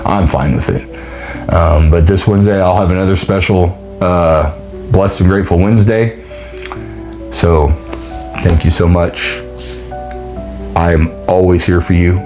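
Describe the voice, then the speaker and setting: A man hosting his own podcast, speaking in an emotional, heartfelt motivational monologue, halting and restarting as he nears tears. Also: low-pitched, fairly even intonation, darkish tone, faint music behind. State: near tears. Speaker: podcast host.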